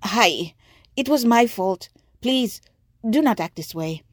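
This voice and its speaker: A woman's voice: on the high side, animated, takes it slowly, no room sound, studio quality, voice pushed up. A woman voicing a mischievous young boy who urges and pleads in a hurry. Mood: pleading. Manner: urgent, pleading.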